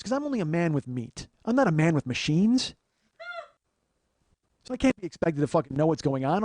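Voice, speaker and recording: A man hosting a comedy podcast, telling an exasperated, profane story that swings from low muttering to loud outbursts. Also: no room sound. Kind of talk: storytelling monologue.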